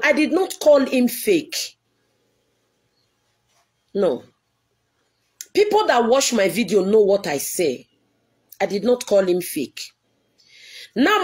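A woman, a church leader, giving an earnest, pleading video address to her followers and repeating herself often. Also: sits high.

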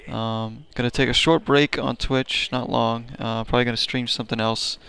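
A man's voice: mid-range voice, fairly even intonation, moderate pace, vocal fry, fairly bright tone, clear, resonant tone. A man chatting casually as he streams a video game, laid-back and rambling with fillers. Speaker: gaming streamer.

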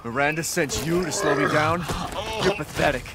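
An actor playing an angry, desperate young husband in a video game who curses and snaps in short bursts. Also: male voice, on the high side, normal speed, lightly acted. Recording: game audio with noise under it.

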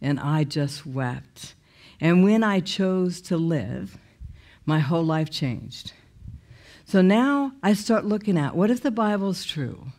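A woman gives a personal testimony in a conversational, emotional way, speaking slowly with a lowish, darkish voice and lively intonation. She uses many fillers and restarts, and her voice leaps up sharply whenever she quotes her own angry words.

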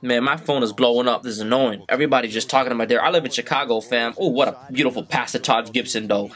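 A man hosting a reaction video, talking live over sports highlights, excitable and slangy, yelling at the players on screen. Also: fast talker. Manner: slangy street talk. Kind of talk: live reaction commentary while watching highlights.

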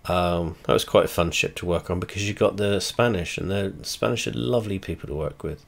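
His voice is low and creaky, and he speaks a little fast. The man, a video creator, rambles while playing a flight simulator, swearing a lot and talking bluntly and chattily, often letting sentences fade and starting again.

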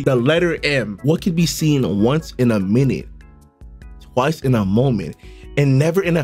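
Excitable young male streamer with a slightly high, very lively voice, quick to shout. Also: breathy edge, faint music behind. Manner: loud, excitable, profane, bursts into shouts. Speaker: streamer reacting to a riddle video. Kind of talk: casual live reaction.

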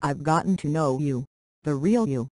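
A reader voicing a gentle teenage boy who talks softly and comfortingly, in a storybook reading. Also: medium pitch, moderate pace, dry recording, close to an everyday voice. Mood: soothing. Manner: soft, comforting.

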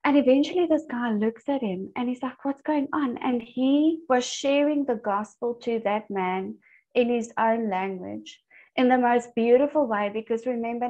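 A woman's voice: a little high, darkish tone. A woman leading a church discipleship group over a video call, teaching and telling stories earnestly. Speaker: Bible study group leader. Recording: dull lo-fi online call audio.

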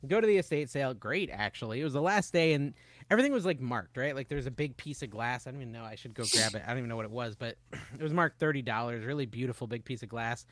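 A man's voice: medium pitch, fast talker, a bit bright, a little hiss or hum. A man co-hosting a podcast, telling stories in casual chat and acting out other people's lines. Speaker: podcast co-host.

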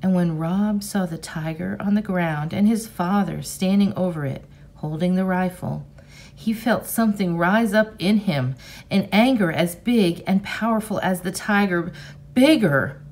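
A teacher reading a novel aloud to her class in a measured, expressive storybook manner. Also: on the low side.

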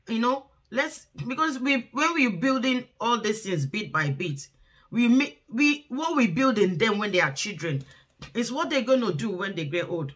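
A woman's voice: medium pitch, lively intonation, normal speed, fairly bright tone. A middle-aged woman, hosting a relationship talk and giving earnest, preachy advice. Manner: earnest, exhorting, acts out quoted voices.

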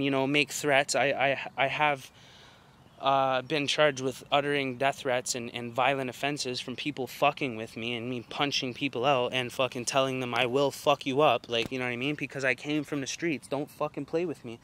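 A man's voice: medium pitch, a bit bright, a little hiss or hum. A man ranting casually to camera outdoors, profane, rambling and confrontational, recorded on a handheld phone. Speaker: vlogger. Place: outdoors at night among mosquitoes.

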